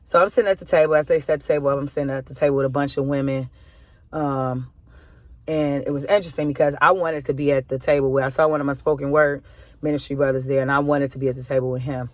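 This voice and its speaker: A woman's voice: very deep voice, fairly even intonation, quick pace, no room sound. A woman speaking as a spoken word minister, telling a personal story in a loose, candid way with casual filler phrases. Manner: candid, emotional retelling.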